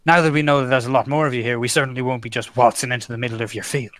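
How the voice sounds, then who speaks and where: A man's voice: medium pitch, fairly even intonation, rapid-fire, fairly bright tone, slight background noise. A man playing in a tabletop game, arguing his character's case in a pointed, argumentative way. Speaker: player. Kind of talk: in-character tabletop role-play.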